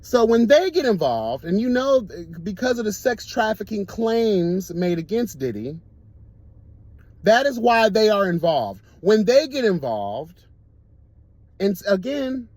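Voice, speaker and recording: A man hosting a casual talk show, telling stories in a camp, animated way and laughing often. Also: high voice, dry recording. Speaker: host. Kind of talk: casual storytelling chat.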